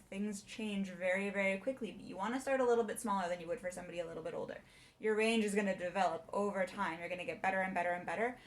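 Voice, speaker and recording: A young adult woman voice teacher explaining warm-ups in a chatty way and singing short demonstrations. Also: mid-range voice. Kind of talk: casual video lesson.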